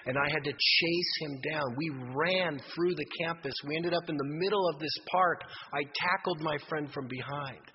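A man preaching a sermon as a pastor, telling stories and rising to emphatic exhortation. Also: medium pitch. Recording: muffled hall reverb, faint noise.

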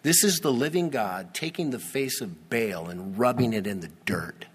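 A man's voice: medium pitch, lively intonation, moderate pace, husky, in a large hall. A man preaching a sermon, reading scripture with emphatic, teasing asides. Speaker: pastor.

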